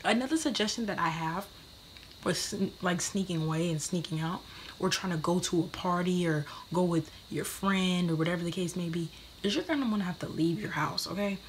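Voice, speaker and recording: A woman's voice: on the low side, fairly quick, slight background noise. A young woman giving brash, profane advice in a casual vlog, often dropping into whispers. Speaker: vlogger.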